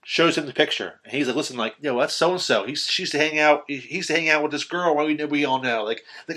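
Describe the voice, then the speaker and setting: A man co-hosting a podcast, casually recapping a film in a profane, animated way and acting out quotes with sudden shouts. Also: fairly high pitch, quick pace, few pauses. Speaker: podcast co-host.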